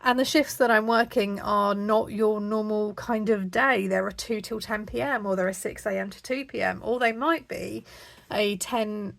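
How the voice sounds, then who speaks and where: A woman's voice: medium pitch, fairly even intonation, moderate pace, vocal fry. A woman hosting her own budgeting vlog from home, talking casually to camera in a rambling way with lots of ums. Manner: chatty, rambling, frequent ums. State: slightly out of breath. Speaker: budgeting channel host. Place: at home, indoors.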